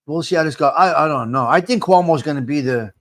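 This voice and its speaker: A man's voice: fairly high pitch, fast talker, fairly bright tone. Rambling man chatting on a livestream. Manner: rambling, repeats himself, talks back to chat comments. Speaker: livestream host reading viewer comments. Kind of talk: casual livestream chat.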